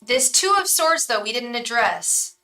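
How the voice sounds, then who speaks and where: A woman's voice: a little high, big pitch swings, measured pace, bright, forceful tone, recorded from a distance, poor audio. A woman giving a live-streamed tarot reading, talking in a frank, chatty way and swearing casually. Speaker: tarot reader and psychic.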